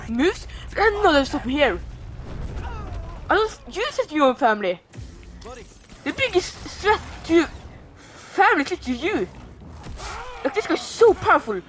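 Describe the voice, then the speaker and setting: A woman giving casual commentary on her own gameplay, reacting out loud, pleading with and taunting the enemy, and swearing now and then. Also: high voice. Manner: reactive, pleading and groaning at the game. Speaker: gamer streaming a playthrough.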